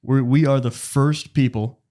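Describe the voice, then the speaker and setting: A man's voice: mid-range voice, steady tone, measured pace, dark tone. A young man co-hosting a casual podcast, jokey and reading his notes aloud with stops and restarts. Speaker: podcast co-host.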